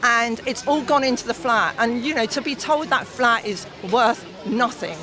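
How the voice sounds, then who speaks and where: Indignant middle-aged woman at a loud protest. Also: on the high side, moderate pace, hardly any pauses, rough recording. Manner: emotional, choked up, indignant. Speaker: protester, mother of affected resident. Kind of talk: radio interview on location. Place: outdoors at a street protest. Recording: crowd noise behind. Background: crowd.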